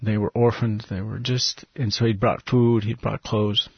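A man with a lowish, husky voice tells an earnest personal story as a guest in an interview, sinking to hushed tones at the tender parts. The recording is dry and a little dull, like lo-fi audio. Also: level tone, moderate pace, no echo. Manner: earnest, drops to a hushed, breathy voice at tender moments. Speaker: missionary guest. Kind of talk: emotional storytelling testimony.

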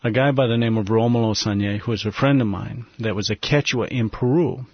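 A man, a missionary guest in an interview, telling an earnest, emotional story and dropping to a hushed voice at tender moments. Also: lowish voice, brisk, husky, no room sound, highs cut off.

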